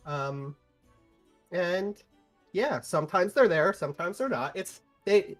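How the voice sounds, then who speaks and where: A woman's voice: on the low side, animated, takes it slowly, soft background music. A woman playing her character in a tabletop game, talking in a rambling, playful way full of fillers. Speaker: player. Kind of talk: in-character tabletop role-play.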